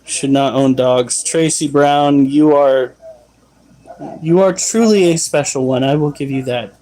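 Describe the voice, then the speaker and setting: A man hosting a casual pet livestream, loudly scolding his dogs and reading chat comments aloud. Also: a little high, measured pace, rough recording.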